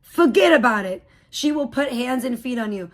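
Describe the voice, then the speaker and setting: Female streamer, high-pitched, crude mocking roast-style live commentary. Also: animated, moderate pace. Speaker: livestream host.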